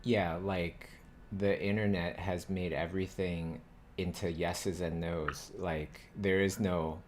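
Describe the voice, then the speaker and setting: Male host, lower voice, loose rambling delivery in a casual group talk. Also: fairly even intonation, slow pace, hardly any pauses, slight background noise. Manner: rambling, thinks aloud with many fillers.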